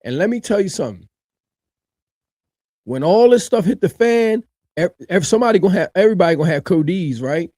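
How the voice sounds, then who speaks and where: A man giving animated reaction commentary on a video, colloquial, swinging from low mutters to loud high shouts. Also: fairly quick, long pauses, no room sound.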